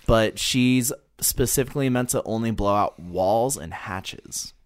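A man co-hosting a casual gaming podcast, joking and explaining game strategy with quick asides. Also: on the low side. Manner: animated, joking, talks fast about games. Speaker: podcast co-host. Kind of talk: casual chat.

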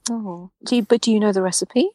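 A woman's voice: medium pitch, brisk, dark tone, no echo. A woman playing a tabletop game, asking curious questions in character. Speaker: player.

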